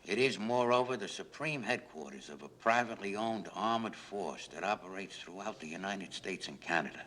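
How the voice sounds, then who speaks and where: An actor playing a gang leader who reads aloud with mocking scorn. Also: male voice, deep voice, lively intonation, moderate pace, a bit bright, slight background noise.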